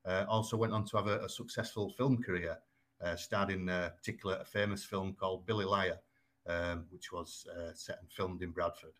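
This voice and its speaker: A man from Yorkshire with a Yorkshire accent, talking as a guest and explaining things in a measured way, with frequent ums and small restarts. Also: low voice, steady tone, fairly bright tone. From Yorkshire, England. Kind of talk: conversational explaining.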